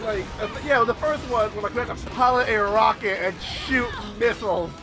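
A young man giving casual, excitable commentary while playing a video game, swearing and repeating lines from the game. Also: high voice, normal speed, over music. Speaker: gameplay video host. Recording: loud game soundtrack behind.

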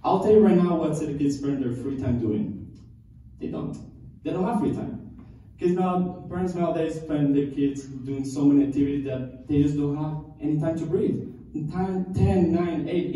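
A young man from Cuba doing a stand-up comedy routine, telling stories with deadpan punchlines and chuckling at his own jokes. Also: fairly high pitch, moderate pace, a little hiss or hum. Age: young adult. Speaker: student comedian. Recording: echoey room from far off, faint ambience.

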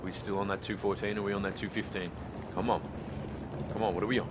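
A chatty, excitable man with a fairly low voice, talking through a live game stream. He swears freely and keeps up the banter, while the gunfire of the game can be heard clearly under his voice. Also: quick pace, background noise. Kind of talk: casual live-stream commentary.

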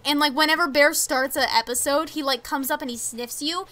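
A teenage girl streaming a video game, chatting casually and reacting to viewer messages with excitable, rambling enthusiasm. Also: high-pitched, fairly quick. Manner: chatty, excitable, reads chat aloud.

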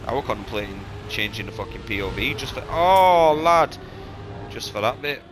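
Sweary lad ranting over a racing game. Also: male voice, lowish voice, fast talker, sharp tone. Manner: sweary, blunt, exasperated ranting. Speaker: gaming YouTuber. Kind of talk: casual gameplay commentary. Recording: noisy game sounds behind voice. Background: racing game car and engine sounds.

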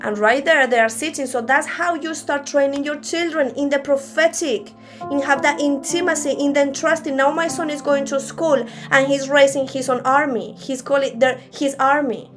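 A woman's voice: high voice, fairly even intonation, moderate pace, a bit bright, soft background music. A woman preaching a sermon at a church service in a conversational way, often restarting her sentences.

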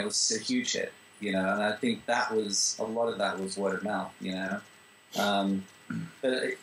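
A screenwriter and director from Australia, answering interview questions in a relaxed way, with frequent fillers and restarts. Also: male voice, lowish voice, a little hiss or hum, low-quality recording. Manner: relaxed, full of "you know" fillers and restarts.

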